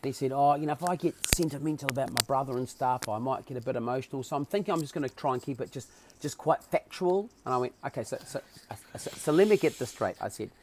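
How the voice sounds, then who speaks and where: A man's voice: medium pitch, quick pace, a little hiss or hum. A man with a New Zealand accent, a podcast guest telling a story and acting out the dialogue. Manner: acts out dialogue with lively swings in voice. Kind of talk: animated storytelling.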